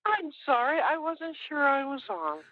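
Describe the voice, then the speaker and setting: An older woman calling in to a radio show, earnestly telling a personal story and acting out her child's lines in a higher voice. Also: very animated, moderate pace, dry recording. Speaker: caller. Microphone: telephone. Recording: tinny dry phone line.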